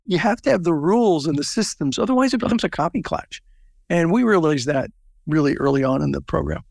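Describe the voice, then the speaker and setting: A man's voice: on the high side, expressive, fairly quick, vocal fry, a little mellow, no room sound, clean studio sound. An older man from Southern California, a networking organization founder telling stories and analogies as an interview guest. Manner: storytelling with quoted voices and analogies. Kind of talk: interview conversation.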